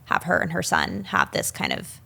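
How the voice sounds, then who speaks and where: Animated woman chatting about a film. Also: very deep voice, moderate pace, gravelly, slightly rough. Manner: animated, recounting scenes with quoted lines. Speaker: podcast co-host. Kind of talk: casual film discussion. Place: small room with microphones. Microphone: studio microphone.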